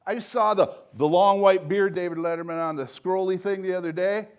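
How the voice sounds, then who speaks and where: An older man giving a motivational speech, emphatic, with loud punchy lines that drop to soft, low asides. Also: steady tone, fairly quick, clear, resonant tone. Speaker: speaker at a recovery event.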